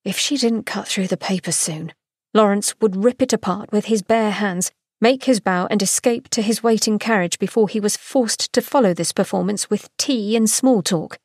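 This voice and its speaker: A woman reads a romance novel aloud in an expressive, measured narration. Her voice sits at a middle pitch, and the recording is close and dry with no room sound. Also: dry recording. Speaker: podcast host reading a novel excerpt. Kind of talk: scripted narration.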